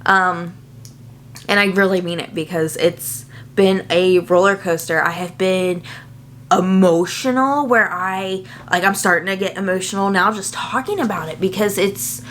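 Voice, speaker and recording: A young adult woman, a nursing student, chatting casually and earnestly to her viewers, full of fillers and quick asides. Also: lowish voice, fairly even intonation, fairly bright tone, slight background noise. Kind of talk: casual chat to camera.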